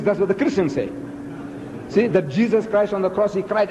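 Male lecturer, animated storytelling, mellow warm tone, long hall echo, dull sound. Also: sits high, brisk, slight background noise. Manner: lively storytelling, acts out dialogue. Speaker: speaker.

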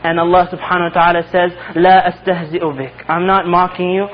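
High-voiced man preaching a sermon. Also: flat delivery, racing, dull audio. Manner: earnest storytelling, acting out dialogue.

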